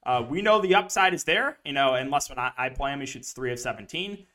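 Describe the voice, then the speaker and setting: Bright-voiced man breaking down fantasy picks. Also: mid-range voice, a little fast. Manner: rambling, animated storytelling with frequent fillers. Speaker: DFS analyst host. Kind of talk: casual sports betting podcast talk.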